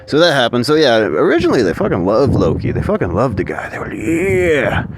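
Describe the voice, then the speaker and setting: Man ranting, swears constantly, rambling monologue, pitch jumps all over. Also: fast, very noisy. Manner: profane, ranting, animated.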